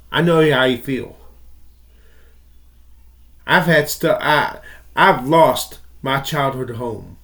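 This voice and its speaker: A male caller on a talk show pours out a long, rambling grievance with the odd curse word. His voice sits fairly high for a man. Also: a bit bright. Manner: rambling, aggrieved, profane. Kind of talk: call-in show monologue.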